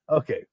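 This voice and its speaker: A man's voice: darkish tone, no echo, clean studio sound. A man hosting a critical livestream commentary, reading chat aloud and breaking into laughter, his throat sore. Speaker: commentary host.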